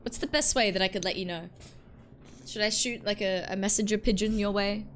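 A woman's voice: mid-range voice, a little fast, a little hiss or hum. Chatty woman streaming a horror game. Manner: chatty, joking, reads out chat, yawning. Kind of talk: casual live-stream chat while gaming.

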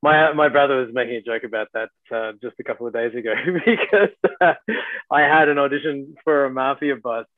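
A man's voice: mid-range voice, brisk, dry recording. A chatty Australian actor talks through a thin, phone-like call line. The sound is dry and close, and his speech wanders with fillers and restarts. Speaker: actor guest. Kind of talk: casual video-call interview.

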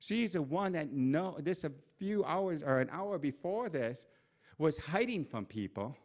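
A man preaching a church sermon, telling a scripture story with lively acted-out voices and asides. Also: a little high, a little slow. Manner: animated storytelling, acts out quoted voices. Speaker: pastor. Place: church sanctuary.

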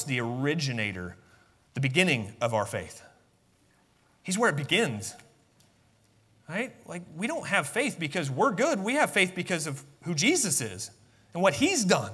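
A man preaching a sermon as pastor, swinging from soft, low musing to loud, high emphatic bursts. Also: husky, long reverb tail. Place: church sanctuary.

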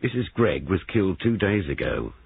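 A persistent, formal police sergeant, as a man reads him in an audiobook, with a low, husky voice that rises and falls with lively emphasis. The sound is dry and thin, like a tinny band-limited recording. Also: moderate pace, full character voice. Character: brisk police sergeant investigating a murder.

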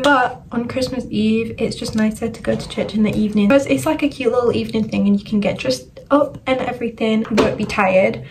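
A young woman with a Yorkshire accent talks through her routine step by step in a chatty vlog from her bedroom. Her voice sits on the high side. She is a little way from the mic, with clear noise behind her. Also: recorded from a distance. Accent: Yorkshire English. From Yorkshire, England. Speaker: vlogger. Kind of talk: casual get-ready-with-me vlog narration. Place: bedroom at home.

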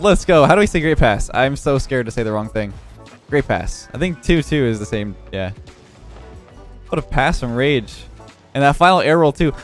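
A young man giving live commentary over his own gameplay, excitable and quick to laugh, with frequent exclamations. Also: medium pitch. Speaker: gaming YouTuber.

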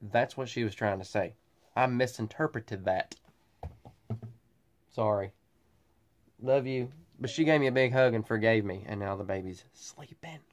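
A man's voice: lowish voice, a little slow, pauses often. A man, chatting and joking casually on his vlog. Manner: animated, joking, drawling. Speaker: vlogger.

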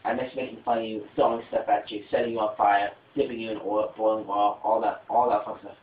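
A bossy, self-pitying man blusters through a homemade comedy skit. His voice sits low, and the recording is tinny and phone-like. It has the boomy echo of a bare room. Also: flat delivery, fast. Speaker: comedy show host playing the boss. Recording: dull tinny phone-like audio in an echoey room.

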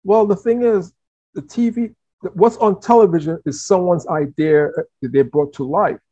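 A man from the Caribbean hosting an interview, animated and talkative, often repeating words as he thinks. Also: sits high, normal speed, husky, no room sound. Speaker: host. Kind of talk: casual interview chat. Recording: dull, dry lo-fi sound.

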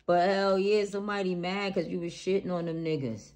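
A woman's voice: fairly low pitch, fairly even intonation, brisk, a little mellow. A woman giving a casual tarot reading, blunt and profane, talking in a hyped-up, emphatic way. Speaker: tarot reader. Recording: noisy home recording.

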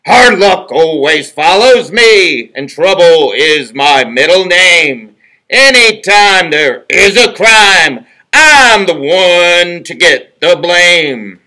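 A man voicing a blustering male wolf villain in a storybook reading, loud and gruff. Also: high-pitched, sing-song, extremely slow, voice pushed up, heavily acted. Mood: singing.

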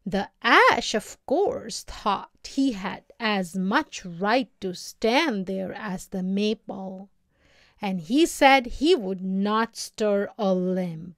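A woman reading a folk tale aloud as storybook narration, slow and expressive. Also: mid-range voice, dry recording, clean studio sound. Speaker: reader.

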